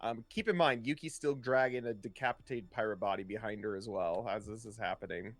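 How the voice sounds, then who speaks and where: A man's voice: fairly low pitch, fairly quick, no echo. Dry-sounding male tabletop player. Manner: questioning, describing actions. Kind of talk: casual tabletop play.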